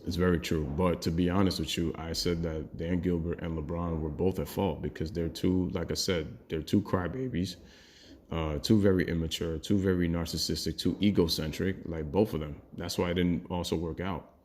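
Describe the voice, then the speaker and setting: A man's voice: low voice, steady tone, normal speed, a little mellow, a little hiss or hum. A man giving a heated, opinionated sports rant as a commentary YouTuber, blunt and swearing freely.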